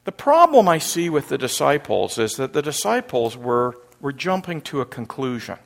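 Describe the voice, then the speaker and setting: A middle-aged man from Canada preaching a sermon, an animated storyteller who acts out panicked scenes loudly. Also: medium pitch, normal speed, vocal fry, hardly any pauses. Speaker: pastor.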